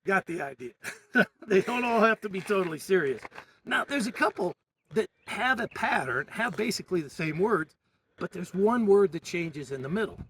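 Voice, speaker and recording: High, lively man teaching protest chants. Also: normal speed, distant mic, a little hiss or hum, poor audio. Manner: upbeat, explains how to lead chants. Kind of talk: instructional talk.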